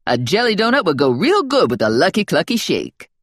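Brash, sassy sidekick gal voiced by a woman narrator, slangy wisecracks, bouncy pitch, close dry sound. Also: wildly swooping pitch, brisk, no room sound. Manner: brassy, wisecracking, slangy talk.

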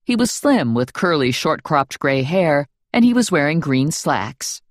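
Low, lively woman reading first-person fiction, wry and playful, dry close studio sound. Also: a little slow, dry recording. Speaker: audiobook narrator. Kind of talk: first-person audiobook narration.

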